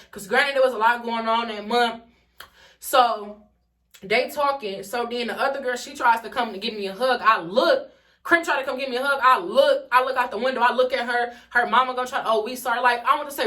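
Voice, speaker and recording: A young woman vlogger tells a story in a forceful, bright voice that sits a little high. She talks in a loose, profane way, flaring up loud, then dropping to low asides. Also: brisk, recorded from a distance. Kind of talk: storytime vlog.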